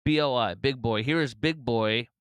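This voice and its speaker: A man's voice: medium pitch, moderate pace, fairly bright tone, smooth, no room sound. A man hosting a political talk show, rambling through commentary with many fillers and restarts.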